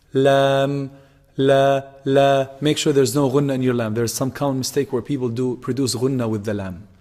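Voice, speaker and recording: Male teacher, mid-pitched voice, steady instructional delivery with loud emphatic repeated syllables. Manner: repeats letters slowly and emphatically for demonstration. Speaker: Quran recitation teacher. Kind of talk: tajweed pronunciation lesson.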